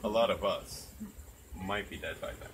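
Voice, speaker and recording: A man's voice: low-pitched, moderate pace, a little hiss or hum, rough recording. A man in casual chat, talking earnestly and reflectively and swearing freely, outdoors at night. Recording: crickets chirping loudly behind.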